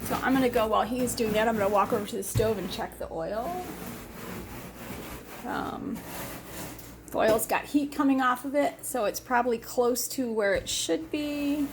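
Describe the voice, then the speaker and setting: A woman's voice: on the high side, normal speed, noisy background. Chatty woman hosting a home cooking show. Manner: chatty, laughs often, rambling asides. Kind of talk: casual cooking demonstration. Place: home kitchen.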